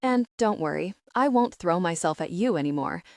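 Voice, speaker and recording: A woman's voice: lowish voice, lively intonation, normal speed, vocal fry, a little mellow, no echo. A woman voicing a sleepy, teasing young woman.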